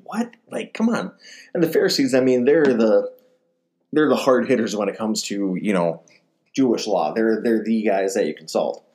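A man giving a conversational sermon, retelling gospel stories in a casual way and acting out the quotes. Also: on the low side. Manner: animated, acts out quotes, casual fillers. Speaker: ministry speaker.

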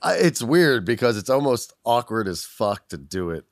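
A man's voice: mid-range voice, very animated, moderate pace, no echo. A man co-hosting a podcast, chatting in a rambling, apologetic way over a video call, swearing and laughing often. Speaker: podcast co-host. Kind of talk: casual chat. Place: Los Angeles, recording over video call.

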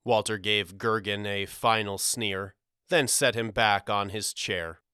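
A man narrating a storybook audiobook in a measured, expressive reading. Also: on the low side, clean tone, no room sound, clean studio sound.

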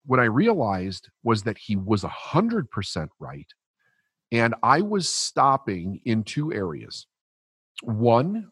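Man, husky, dry close sound; blunt, animated, swears freely. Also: mid-range voice, no echo. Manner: blunt, profane, animated storytelling. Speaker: podcast guest. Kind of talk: storytelling in conversation.

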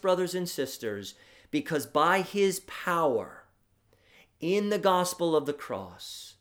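A man preaching a Good Friday sermon, stressing his points emphatically and swinging between loud declarations and quiet reading. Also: fairly high pitch, big pitch swings, takes it slowly. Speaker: pastor.

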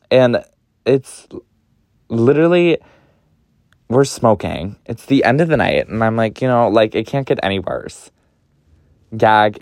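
A young man hosting a podcast, telling a story casually in an animated, gossipy way, swearing a lot and often jumping up in pitch. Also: no room sound, studio quality. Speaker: podcast host.

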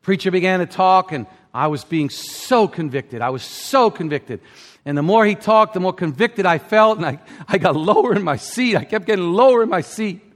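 A male preacher delivering a sermon with real passion. His fairly high voice swings up and down widely, building to emphatic peaks before dropping almost to a murmur. The sound carries a long reverb from a large hall. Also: animated, normal speed. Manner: impassioned, rising to emphatic peaks then dropping low. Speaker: pastor.

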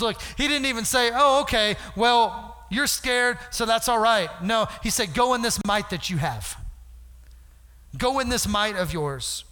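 A man preaching a lively sermon to a congregation, acting out voices from Bible stories and asking for responses. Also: high-pitched. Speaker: pastor. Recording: hall reverb.

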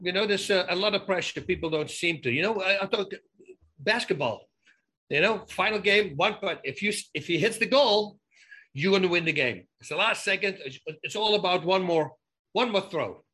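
A man being interviewed as a guest, telling lively anecdotes in a casual way, often restarting his sentences and adding emphatic asides. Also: sits high, moderate pace. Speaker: guest, former fighter turned actor.

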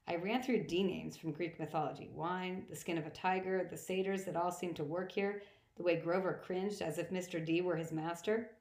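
A woman's voice: on the low side, steady tone, moderate pace, a little mellow, reverberant, poor audio. Woman reading a novel aloud. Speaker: audiobook reader. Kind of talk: first-person novel narration.

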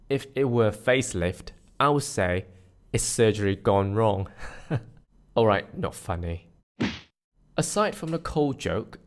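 A man's voice: on the low side, clean tone. A man from Malaysia hosting a scripted solo podcast, joking at his own expense and drilling pronunciation. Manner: playful, self-mocking, with pronunciation drills. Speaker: podcast host.

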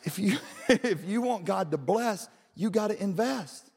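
Addressing his congregation, a high-voiced pastor goes from casual stories to loud shouting, his throat sounding a bit strained and his voice showing vocal fry. He is animated and a little slow, with a crowd in the background and long auditorium reverb around him.

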